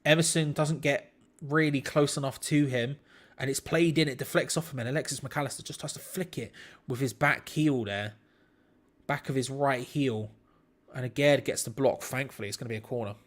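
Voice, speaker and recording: A man's voice: medium pitch, fairly even intonation, moderate pace. A man hosting a live football watch-along, commenting on play to his chat in disbelief and laughing at bad defending.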